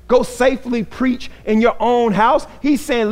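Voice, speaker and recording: A man's voice: very high voice, fairly even intonation, measured pace, a little mellow. A man preaching a sermon as pastor, earnest and repeating phrases for emphasis. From grew up in an inner-city neighborhood.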